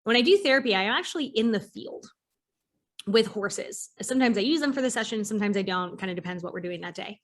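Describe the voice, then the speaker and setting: A woman hosting a casual interview podcast, a therapist who talks in an animated way, swears casually and acts out her clients' voices. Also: mid-range voice, quick pace.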